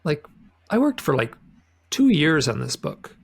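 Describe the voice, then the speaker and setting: A man's voice: fairly high pitch, big pitch swings, a little slow, vocal fry, slightly rough. A man talking as a guest author in a casual interview, rambling with many restarts and repeated words.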